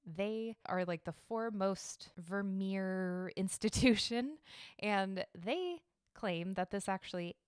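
A woman's voice: mid-range voice, takes it slowly, smooth, no room sound, clean studio sound. A woman hosting her own podcast from home, talking in a chatty, rambling way and swearing freely. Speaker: podcast host. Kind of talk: casual solo podcast chat.

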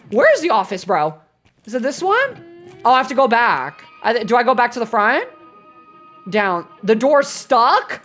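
A young woman streaming a horror game, talking to chat and reacting loudly, with lots of swearing. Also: fairly high pitch, normal speed, faint music behind. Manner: animated, swearing, dramatic scared outbursts. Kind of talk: live gameplay commentary.

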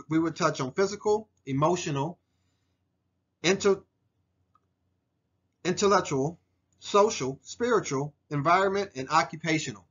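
A man's voice: fairly high pitch, a bit bright, lo-fi sound. Earnest man in his forties presenting photos. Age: 40s. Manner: earnest and heartfelt, with frequent ums and restarts. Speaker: student presenter. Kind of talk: narrated photo slideshow presentation.

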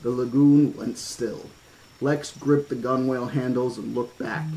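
A man's voice: mid-range voice, fairly even intonation, a little slow, dark tone, rough recording. A man reading a horror-themed novel aloud, stopping now and then for casual asides and restarts. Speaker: audiobook reader.

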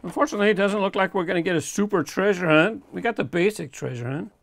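Talking fast in a high voice with vocal fry, a toy car collector unboxes on his own video while background noise plays. His commentary is relaxed and conversational, with an occasional chuckle between comments.

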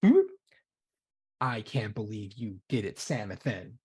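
A man voicing an indignant male figure shouting accusations from a video screen in a tabletop game. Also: lowish voice, animated, measured pace, breathy edge, exaggerated voice. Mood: incredulous.

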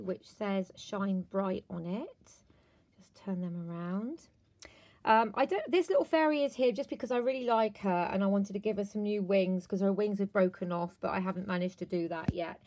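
Husky British woman with a cold. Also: medium pitch, no echo, poor audio. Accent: British English. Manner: gushing and warm, frequent ums, gasps with delight. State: croaky from a cold. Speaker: craft vlogger. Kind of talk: casual show-and-tell chat.

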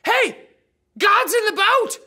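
A woman doing panicked shouting fishermen. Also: very high voice, lively intonation, slow pace, voice pushed up, exaggerated voice. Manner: frantic shouting. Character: panicky male fishermen disciples in a storm.

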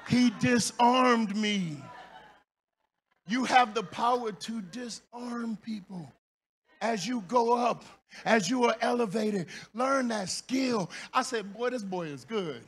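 A male pastor preaching a sermon in church, telling stories with shouts, laughter and playful asides to the congregation. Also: high voice, expressive, unhurried, pauses often.

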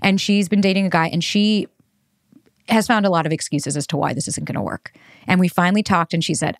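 A woman's voice: on the low side, brisk, gravelly, no room sound, studio quality. A woman hosting a podcast, talking in a candid, conversational way in a casual monologue. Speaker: podcast host.

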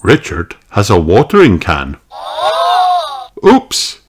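Male storybook reader, lower voice, slow and highly expressive for young children. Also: music in the background. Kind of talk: children's book read aloud.

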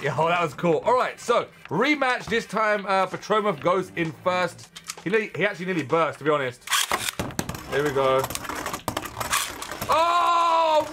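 A young man, chatting casually and exclaiming loudly as he unboxes and tests spinning-top toys. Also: sits high, slight background noise. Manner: excitable, chatty, exclaims loudly at toy battles. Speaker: toy reviewer. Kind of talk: casual unboxing and testing commentary.

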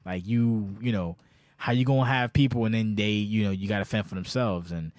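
A man's voice: lowish voice, fairly quick, no echo, clean studio sound. A man hosting a podcast in casual chat, a little tipsy, rambling, swearing and stumbling over his words as he rants. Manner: rambling, profane, animated, stutters and restarts. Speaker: podcast host.

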